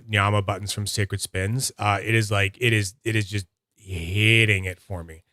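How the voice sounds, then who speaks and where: A man's voice: lowish voice, fairly bright tone, clean tone, no room sound. Canadian man, livestream host, rambling, self-mocking, dry close sound. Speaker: livestream host reviewing fidget toys. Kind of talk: casual livestream chat.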